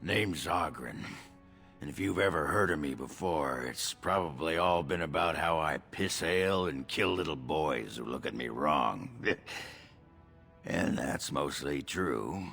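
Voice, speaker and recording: A very deep, gravelly and husky voice for a blunt, boozy dwarf warrior in a video game. He talks with a mocking, laughing gruffness. Faint game music sits under the dialogue. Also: unhurried, fairly bright tone, heavily acted. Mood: gruff. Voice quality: gravelly, rough-edged. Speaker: game character.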